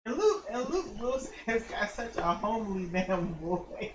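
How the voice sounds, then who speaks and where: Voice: medium pitch, very animated, a little slow, poor audio. A co-host with an ordinary mid-range voice, chatting casually in a review podcast. The delivery is wry and teasing, with laughs after their own jokes.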